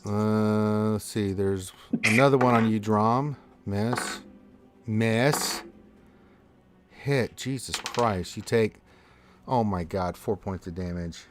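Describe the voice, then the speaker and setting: A man's voice: on the low side, slow pace, background noise. Joking man running a tabletop game. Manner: joking, teasing players. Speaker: dungeon master.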